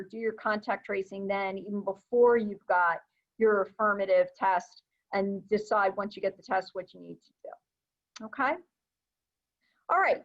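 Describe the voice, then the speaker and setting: A woman presenting a recorded training webinar, explaining in a conversational way with frequent fillers. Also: mid-range voice. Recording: dull, lo-fi webinar audio.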